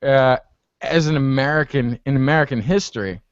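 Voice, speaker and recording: A man's voice: medium pitch, brisk, clear, resonant tone, dry recording, lo-fi sound. A man telling a story in a casual group video chat and acting out the exchanges he quotes. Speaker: hangout panelist. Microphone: computer mic on a video call.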